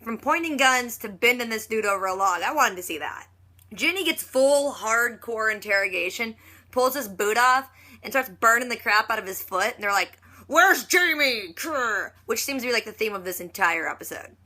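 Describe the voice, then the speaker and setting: Woman vlogger, fairly high and bright, chatty recap that slips into quick character voices. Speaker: reaction vlogger. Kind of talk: casual TV episode recap.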